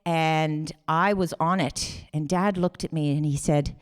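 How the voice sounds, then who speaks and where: Storyteller, woman, lowish voice, animated and emotional, acts out the voices in her story. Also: unhurried, hardly any pauses. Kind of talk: live storytelling on stage.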